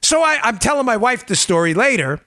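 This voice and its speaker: A man hosting a political talk show, animated and emphatic, sarcastic and quick to laugh. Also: very high-pitched, no room sound, studio quality. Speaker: host.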